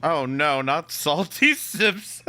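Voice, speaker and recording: A man's voice: fairly high pitch, sing-song, slow pace, crowd noise. A man chatting casually on his stream, amused and thanking viewers.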